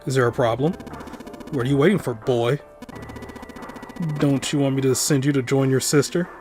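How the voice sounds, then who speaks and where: A man voicing a cold, sadistic older male villain who speaks with calm, formal, mocking menace. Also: mid-range voice, moderate pace, soft background music, lightly acted. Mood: coldly menacing.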